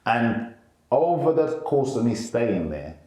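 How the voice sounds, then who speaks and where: A middle-aged male stand-up comedian, telling animated stories in a casual interview. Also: slow, reverberant. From England. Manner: animated, lively storyteller who jumps up in pitch for quotes.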